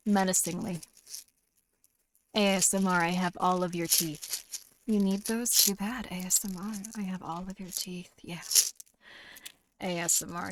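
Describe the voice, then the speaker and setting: A woman streamer voicing a menacing ASMR woman who hoards stolen teeth, in a whispered role-play, low, slow and teasing. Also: slight background noise, close to an everyday voice.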